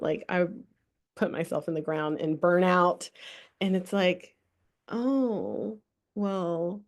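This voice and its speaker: A woman's voice: lowish voice, a little mellow. A young woman hosting a spiritual workshop, talking casually, laughing often and swearing freely as she leads a breathing exercise. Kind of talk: casual live workshop talk with guided breathing.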